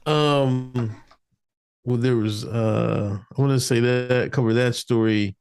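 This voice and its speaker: A man co-hosting a casual podcast chat, animated and laughing often. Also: slow pace, creaky, smooth. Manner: animated, laughing often, lively swings in pitch. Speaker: podcast co-host.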